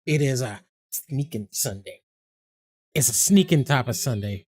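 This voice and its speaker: A man's voice: medium pitch, animated, a little slow, darkish tone, no room sound. Rambling guy streaming, dry mic. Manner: loose, rambling, swears, laughs often. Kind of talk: casual stream chat.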